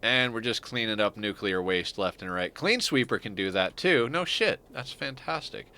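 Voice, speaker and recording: A man's voice: on the low side, animated, moderate pace, sharp tone. A man streaming a game, chatting casually in a rambling, profane way and laughing often. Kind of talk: casual gaming stream chat.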